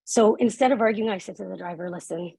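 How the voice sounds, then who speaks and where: Woman, live talk, earnest and conversational, gravelly husky voice, dry sound. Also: medium pitch, quick pace, mellow, no room sound, low-quality recording. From Canada. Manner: earnest, conversational, frequent "like" and "right?". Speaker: speaker on workplace inclusion. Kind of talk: live talk with a personal story.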